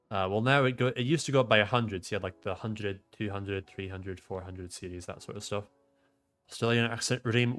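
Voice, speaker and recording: Young male streamer, lowish voice, loose and profane, faint music under him. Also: fairly bright tone. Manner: loose, swearing, rambling tech explanations. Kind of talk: casual live-stream chat, reading chat aloud. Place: home room.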